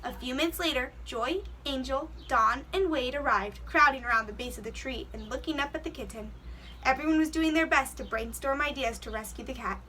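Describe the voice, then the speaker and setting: A woman's voice: sits high, brisk, bright, forceful tone, far from the mic, a little hiss or hum. A woman teacher reading a children's storybook aloud, giving the characters voices and stopping to explain words to the kids.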